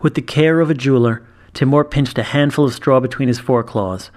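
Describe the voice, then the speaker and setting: A man narrating a fantasy story in a measured, even reading voice. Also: mid-range voice. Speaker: story reader. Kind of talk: scripted narration.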